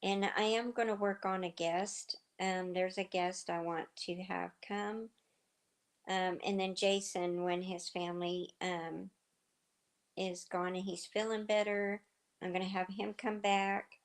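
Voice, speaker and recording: Slow-talking slightly hoarse woman host. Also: mid-range voice, level tone. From southern United States. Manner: chatty, rambling storyteller with many fillers. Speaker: livestream host. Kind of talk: casual chat with viewers.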